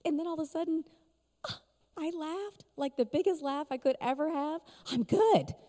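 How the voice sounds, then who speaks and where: High-pitched and warm, a middle-aged woman speaks at a moderate pace while giving an emotional testimony as a conference speaker. Her storytelling is punctuated by frequent laughs, and the large conference hall adds a long reverb.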